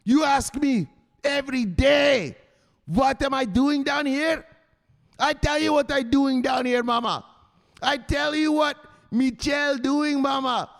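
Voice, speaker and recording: A man voicing a boastful male crypto investor who loudly and dismissively lectures his mother. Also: extremely high pitch, takes it slowly, gravelly, pauses often, pitched above the performer's own voice, exaggerated voice. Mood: boastful, insistent. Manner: loud, insistent, dismissive.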